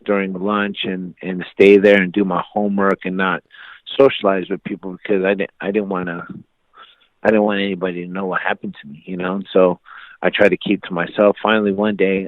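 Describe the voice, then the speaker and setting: A man in his forties with a low voice tells a story on a podcast in a relaxed, casual way, acting out the voices of the people in it. The sound is tight and dry, like a phone line. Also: no echo. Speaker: podcast guest.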